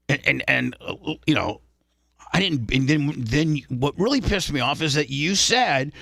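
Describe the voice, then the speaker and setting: A man's voice: on the high side, creaky, pushed and bright, no room sound, studio quality. A male radio show host lecturing a co-host on air, defensive and full of restarts.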